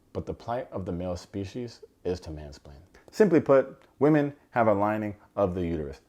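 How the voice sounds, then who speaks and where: A man's voice: fairly low pitch, a little mellow. Joking, sarcastic man recapping a show. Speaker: TV recap reviewer. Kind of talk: casual comedic recap.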